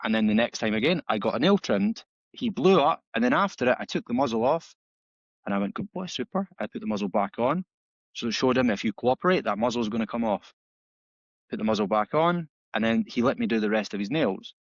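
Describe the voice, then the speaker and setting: A man, a dog trainer guest on a podcast, telling stories in a casual, animated way and acting out the dialogue with many restarts. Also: lowish voice, fairly quick, no echo. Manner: animated storytelling, acts out dialogue with frequent restarts. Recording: slightly dull, dry audio.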